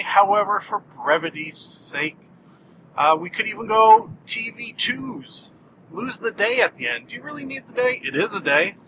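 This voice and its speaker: A male podcast host talking while he drives, rambling and poking fun at himself. His voice is bright and sits fairly high. A faint hum of the vehicle runs underneath. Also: rough recording. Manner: rambling, self-mocking, jokey. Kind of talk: casual rambling monologue. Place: car while driving.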